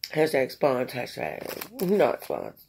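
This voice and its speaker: A tired woman with a raspy voice, chatting casually and rambling between bites in an eating vlog. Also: extremely low pitch, huge pitch swings, slow pace, darkish tone, slight background noise. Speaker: mukbang vlogger.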